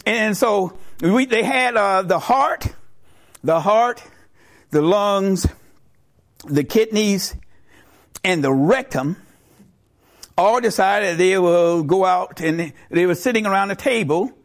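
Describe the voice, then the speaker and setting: A middle-aged man preaching a sermon tells a joke as a story, giving its characters animated voices. He speaks slowly in a high register, pausing often.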